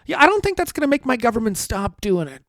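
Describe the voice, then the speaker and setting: A man's voice: very high-pitched, sing-song, fast, fairly bright tone, no room sound. A man hosting a comedy podcast, delivering an exasperated, sarcastic rant with frequent swearing. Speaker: podcast host. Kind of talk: comedic monologue.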